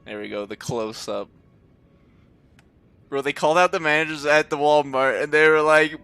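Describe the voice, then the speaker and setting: A man's voice: fairly high pitch, moderate pace, gravelly, long pauses, sharp tone, smooth, dry recording, soft background music. A young man streaming a game, chatting casually with viewers, laughing often and swearing freely. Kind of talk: casual chat while gaming.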